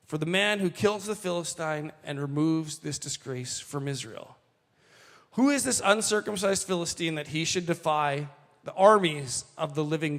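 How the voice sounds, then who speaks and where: This sermon comes from a male pastor whose high-pitched, animated voice reverberates through the hall as he reads scripture and comments on it. He eases the pace for quotations and turns to the congregation with asides.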